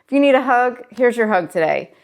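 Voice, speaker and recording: A woman's voice: fairly high pitch, expressive, brisk, vocal fry. A woman therapist talking in a casual daily vlog, chatty and encouraging as she tells a story, wearing a personal mic.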